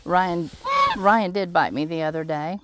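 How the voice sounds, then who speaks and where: A woman on her farm garden, talking to her geese in a coaxing, gently scolding way while filming on a handheld phone. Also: low-pitched, unhurried, no echo. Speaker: farm vlogger. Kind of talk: casual talk to animals while filming. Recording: loud outdoor noise, geese honking. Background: geese honking.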